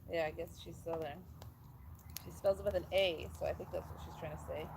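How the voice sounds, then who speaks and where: A woman's voice: lowish voice, steady tone, brisk, creaky. A Canadian woman co-hosting a casual livestream chat, reading viewer comments aloud in a chatty way. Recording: loud background noise with animals and traffic.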